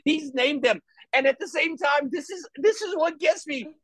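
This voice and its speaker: High-voiced man sharing his faith. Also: normal speed. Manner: animated, rambling, with many restarts. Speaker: guest. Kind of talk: faith testimony in conversation.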